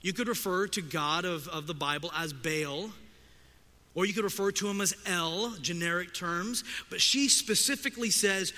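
Male preacher, expressive and emphatic, higher voice, ringing hall sound. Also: fairly quick. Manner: expressive preaching, rising loud for emphasis, voicing the characters he quotes. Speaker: pastor. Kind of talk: sermon. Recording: long hall reverb.

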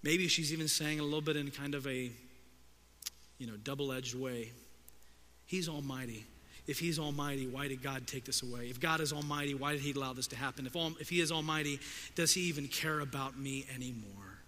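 A man preaching a sermon, expressive and emphatic, voicing the characters he quotes. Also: medium pitch, a little fast, slight background noise. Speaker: pastor. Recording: long hall reverb.

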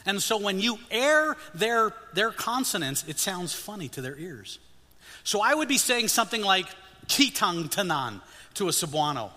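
An older man preaching a sermon as a missionary, animated and humorous, leading the congregation in call-and-response. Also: high-pitched, normal speed. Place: church sanctuary. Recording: long reverb of a church hall.

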